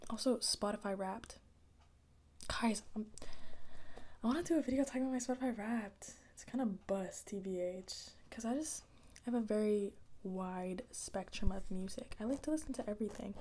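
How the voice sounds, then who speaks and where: A young woman rambles through a soft-spoken ASMR chat, full of slang and easy asides. Her voice is mellow and rounded, and she keeps dropping into breathy whispers between stretches of quiet talk. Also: mid-range voice, moderate pace, pauses often, a little hiss or hum. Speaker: ASMR creator.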